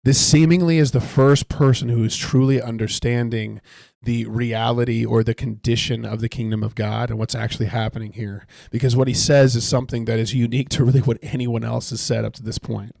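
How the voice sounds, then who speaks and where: Guy with a low gravelly voice chatting thru a bible study while he games, dry close sound. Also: fairly even intonation, fairly quick, darkish tone, no echo. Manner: conversational, thinks aloud with restarts. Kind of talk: casual Bible teaching while playing a video game.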